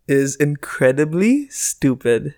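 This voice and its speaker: A man's voice: on the high side, very animated, slow pace, darkish tone, dry recording, clean studio sound. A man co-hosting a casual chat, rambling and joking about himself. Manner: rambling, self-deprecating, joking.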